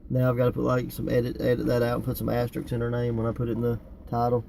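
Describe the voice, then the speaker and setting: A man's voice: mid-range voice, monotone, very fast, creaky, dark tone, a little hiss or hum. A man co-hosting a casual wrestling podcast, chatty and laughing often, with many fillers. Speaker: podcast co-host. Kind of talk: casual chat.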